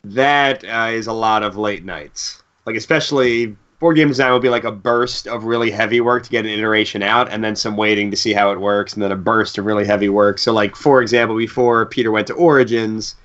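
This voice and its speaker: Man, lower voice, rambling casual co-host, lots of fillers, lo-fi sound. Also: fairly even intonation, a little fast, hardly any pauses, fairly bright tone. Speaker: board game designer and teacher, podcast co-host. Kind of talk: casual live stream chat. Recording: dull lo-fi stream audio.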